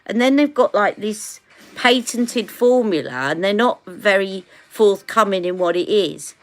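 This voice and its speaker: A woman's voice: mid-range voice, unhurried. Chatty British woman beauty streamer. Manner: chatty, rambling, laughs often. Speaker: beauty live-stream host. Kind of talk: casual live-stream chat.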